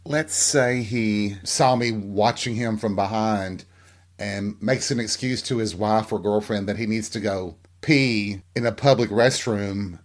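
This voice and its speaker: A man's voice: fairly low pitch, fairly even intonation, unhurried. A middle-aged man hosting a solo podcast, talking frankly and reflectively in a rambling way and often asking listeners rhetorical questions. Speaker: podcast host. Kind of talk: candid solo podcast monologue.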